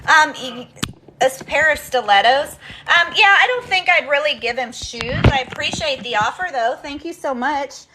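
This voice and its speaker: High voice, woman, rambling live-stream chat, lots of ums, phone mic at home. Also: moderate pace, background noise. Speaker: livestreamer talking to her viewers. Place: at home, walking between rooms.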